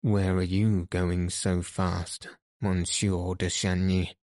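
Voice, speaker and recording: A man voicing a calm, mysterious tall stranger who speaks in a measured way. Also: deep voice, no room sound, clean studio sound.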